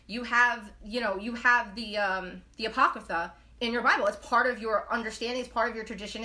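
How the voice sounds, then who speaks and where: A woman's voice: mid-range voice, sharp tone. A young adult woman hosting a live stream, chatting in a blunt, casual way, swearing freely and reading viewer comments off her phone. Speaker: host of a live knitting stream.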